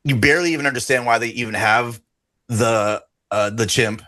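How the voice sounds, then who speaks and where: Bright-voiced rambling man co-host. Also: mid-range voice, moderate pace. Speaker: podcast co-host. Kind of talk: casual chat.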